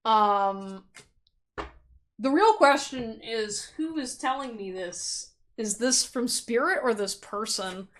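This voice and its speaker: Chatty, animated woman tarot reader. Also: a little high, takes it slowly. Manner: chatty and animated, laughing often, with frequent fillers; acts out quoted thoughts in playful voices. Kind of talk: casual pick-a-card tarot reading.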